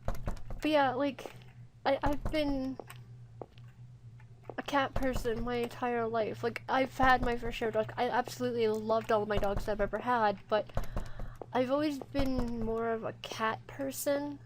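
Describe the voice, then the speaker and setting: A woman's voice: on the high side, steady tone, measured pace, a little hiss or hum. A woman commenting casually on a horror game, reading its text aloud and talking to her viewers. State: near tears. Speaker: gaming YouTuber. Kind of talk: let's play commentary.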